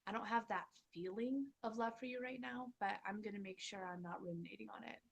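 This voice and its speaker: A woman's voice: mid-range voice, brisk, vocal fry, slightly rough. A woman hosting a parenting channel, talking earnestly to camera in a casual motivational style and acting out her own inner dialogue.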